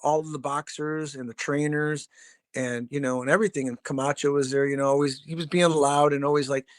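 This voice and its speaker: A man's voice: a little high, flat delivery, fairly quick, dry recording, studio quality. A middle-aged man, a drummer and podcast guest, telling stories casually in a rambling, profane, laid-back way with lots of fillers. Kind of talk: casual storytelling.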